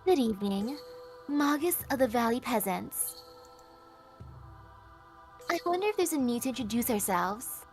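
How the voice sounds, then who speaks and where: A woman's voice: on the high side, expressive, measured pace, pauses often, faint music behind. A woman voicing a haughty young girl mage who speaks with cool, condescending formality. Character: haughty young girl master, full of derision. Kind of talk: reading game dialogue aloud.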